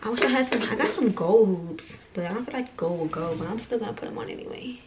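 A woman's voice: medium pitch, lively intonation, fast, very noisy. A young woman, vlogging casually and profanely to viewers while getting ready at home, self-mocking and frank. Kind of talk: get-ready-with-me vlog.

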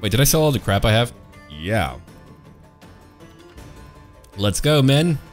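Man, very deep voice, let's-play commentary, jokey, mock-grand phrasing, faint music underneath. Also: very animated, slow pace. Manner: playful, jumps to high silly exclamations and laughs; mock-pompous old-fashioned phrasing. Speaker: gameplay commentator.

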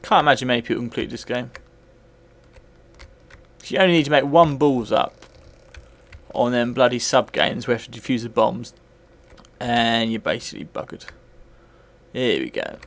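Tipsy, sweary man with gravelly voice. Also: medium pitch, normal speed, long pauses. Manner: sweary, rambling, bursts into excited yells. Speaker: retro game reviewer. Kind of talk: live gameplay commentary.

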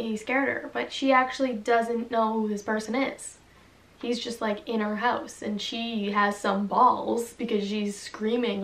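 A woman's voice: fairly high pitch, a bit bright, far from the mic. Sarcastic young woman narrating a story game. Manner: sarcastic, chatty, reads story lines aloud. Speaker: gaming vlogger. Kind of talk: casual commentary while playing a story game. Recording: echoey room, voice off-mic, music behind.

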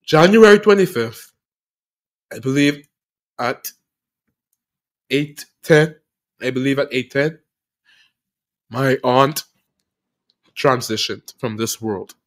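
A man hosting a podcast, telling a personal story of loss in an emotional, halting way, often repeating phrases, with earnest faith. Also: mid-range voice. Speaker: podcast host.

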